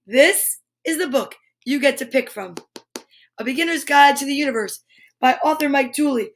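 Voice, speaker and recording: Bubbly high-voiced woman hosting live. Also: moderate pace, slight background noise. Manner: bubbly, playful and silly; chatty, addresses viewers directly. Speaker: host of a live kids' show. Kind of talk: live-stream chat with viewers' comments.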